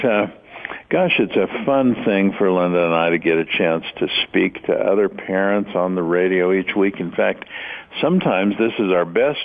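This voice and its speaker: Deep, gravelly male radio co-host, casual and teasing, heard over thin phone-band audio. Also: narrow, tinny audio. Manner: chatty, wry teasing.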